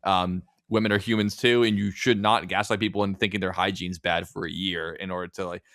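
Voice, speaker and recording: A man co-hosting a podcast in casual chat, animated and swearing as he reads out internet stories. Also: deep voice, a little fast, no room sound, studio quality. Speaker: podcast co-host.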